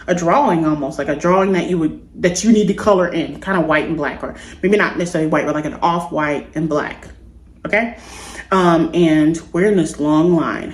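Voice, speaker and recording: A woman vlogger with a fairly low voice tells a personal story directly to the camera, earnest, confiding, and meandering. The room is echoey, so her voice bounces around.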